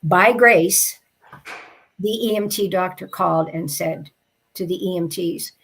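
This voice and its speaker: A woman, an interview guest, telling a personal story in a heartfelt, reflective way and slowing down at the emotional moments. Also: fairly low pitch, a bit bright, slightly rough.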